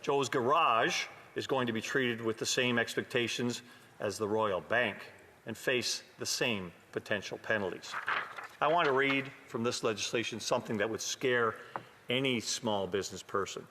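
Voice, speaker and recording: A man's voice: mid-range voice, normal speed, bright, forceful tone, a little hiss or hum. A man, a member of parliament from Canada, giving a pointed, sometimes sarcastic speech in a legislative chamber. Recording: long hall reverb.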